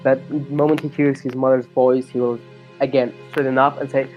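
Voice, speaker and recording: A tabletop player describing their character's actions in a halting way, with many fillers. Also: mid-range voice, level tone, darkish tone, dull audio, faint music behind. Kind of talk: tabletop role-play.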